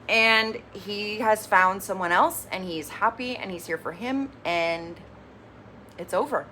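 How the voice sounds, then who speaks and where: Bright lady doing a chatty reality tv recap, opinionated, faint hiss behind. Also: fairly low pitch, unhurried. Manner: animated, opinionated, acts out quotes. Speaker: recap reviewer, channel host. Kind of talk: casual TV recap commentary.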